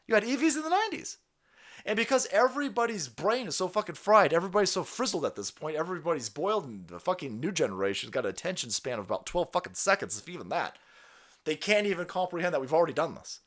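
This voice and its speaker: A middle-aged man hosting a livestream, ranting crudely and loudly, laughing and mocking people in put-on voices. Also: high-pitched, big pitch swings, fast. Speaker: livestream host. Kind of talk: profane rant to chat.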